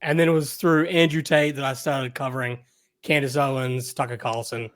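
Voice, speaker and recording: A man's voice: mid-range voice, little pitch movement, normal speed, fairly bright tone. Hesitant Australian man, guest. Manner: hesitant, many ums and restarts. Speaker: guest content creator. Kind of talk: casual interview.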